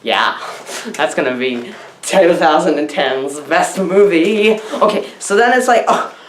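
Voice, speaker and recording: A woman's voice: low-pitched, animated, unhurried, echoey room, slight background noise. A woman giving a mock-enthusiastic comedic film review, rambling and giggly, heaping over-the-top praise.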